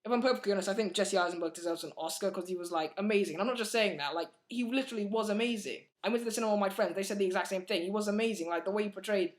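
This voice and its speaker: Fast-talking man rambling through a review. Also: sits high. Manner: fast, rambling, full of fillers and restarts; blunt, chatty. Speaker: movie reviewer. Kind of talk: casual spoken film review.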